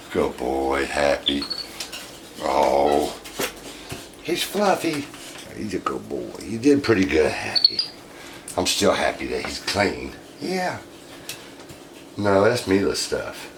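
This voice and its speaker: A man's voice: sits low, background noise. A man vlogging as he bathes his pet, coaxing it in baby talk and chatting to viewers. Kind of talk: casual chat while bathing a pet. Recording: loud running tap water behind. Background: running water from a tap.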